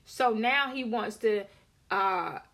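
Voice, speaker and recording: A woman vlogger with a fairly high voice, talking straight to her viewers. She tells her story in a candid, sassy, emphatic way and swears casually. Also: takes it slowly, vocal fry, a bit bright. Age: adult with a daughter.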